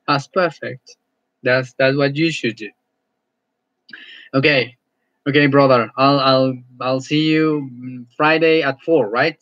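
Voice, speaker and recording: A male English teacher chatting casually as he closes an online class, friendly and halting, often repeating words. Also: medium pitch, a bit bright, no room sound, muffled recording.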